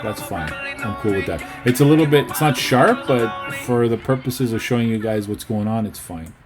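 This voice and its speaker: A man's voice: on the low side, animated, normal speed, over music. A man teaching a casual lesson on video editing, chatty and often checking in with his students. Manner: chatty, checks in with okay and right.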